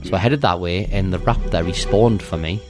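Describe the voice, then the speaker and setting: A man's voice: sits low, normal speed, over music. A man co-hosting a casual podcast, recounting a video game level step by step in a methodical way. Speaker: podcast co-host. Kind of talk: casual game walkthrough chat.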